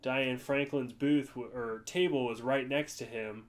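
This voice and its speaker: A man from the United States chats on a podcast at an ordinary middle pitch. He rambles through his stories in a loose, casual way. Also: steady tone, unhurried. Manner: rambling storyteller, jumps to high-pitched voices for quoted people. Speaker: podcast co-host. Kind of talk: casual chat.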